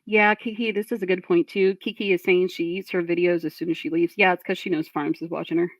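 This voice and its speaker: A woman's voice: fairly low pitch, fairly even intonation, quick pace, no room sound. A woman streamer reacting to a video and reading chat, blunt and profane as she rants. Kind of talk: casual reaction commentary.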